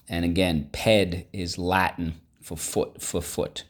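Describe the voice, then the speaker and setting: A man's voice: sits low, fairly even intonation, slow. A male teacher giving a vocabulary lesson to children, prompting the class to repeat words and praising their answers. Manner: call-and-response prompting, upbeat encouraging. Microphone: recorded video lesson.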